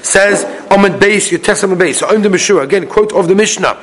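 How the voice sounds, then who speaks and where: A man with a fairly high voice leads a daily Talmud lesson. He reads a phrase aloud and moves straight into a brisk explanation of it. Small chuckles come between his points. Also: a bit bright. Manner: quick explanatory delivery, translating phrases as he reads. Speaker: Talmud teacher.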